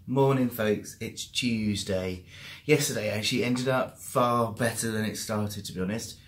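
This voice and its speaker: A man in his thirties with a British accent, talking casually to the camera in a video diary, chatty and quick to laugh. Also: lowish voice. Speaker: vlogger.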